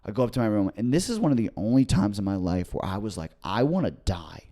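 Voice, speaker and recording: A young man co-hosting a comedy podcast, telling a story in a casual, animated way and acting out the people in it. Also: fast talker. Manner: animated, acts out quotes with big pitch jumps. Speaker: podcast co-host.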